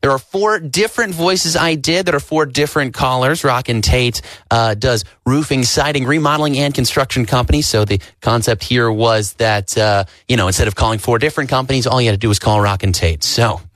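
A chatty male radio host talks casually with his co-host in a studio. His voice is mid-pitched and close to the mic, with a dry sound. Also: a little fast, hardly any pauses, fairly bright tone, dry recording. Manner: chatty, laughs easily.

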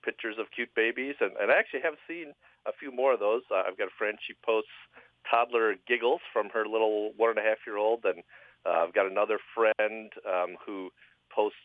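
A man calling in as a guest, telling a joke casually, with a halting delivery and many fillers. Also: on the low side, dry recording. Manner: halting, lots of fillers, lively. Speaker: phone-in guest, joke teller. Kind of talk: casual storytelling. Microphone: phone. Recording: tinny phone line.

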